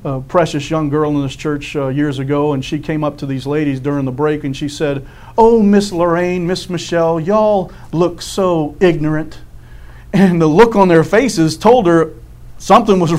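Folksy preacher, fairly high voice. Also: male voice. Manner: folksy, says amen often, laughs at own stories. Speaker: pastor. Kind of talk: sermon.

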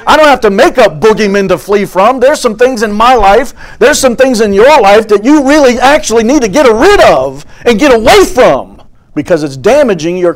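A man preaching a sermon, folksy storytelling with fervent swells. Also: extremely high pitch.

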